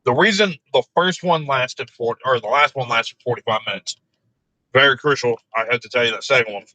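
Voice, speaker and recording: A man telling crude work stories in casual chat, laughing often and delivering his own quoted replies deadpan. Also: medium pitch, brisk, no room sound, poor audio.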